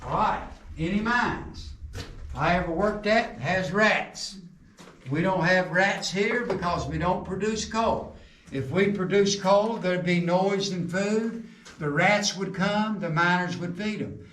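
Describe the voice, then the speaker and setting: In an echoing coal mine tunnel, a middle-aged man with a fairly high, somewhat bright voice speaks slowly to his tour group. He's a folksy, joking storyteller who quizzes them, captured from a distance with faint noise in the background.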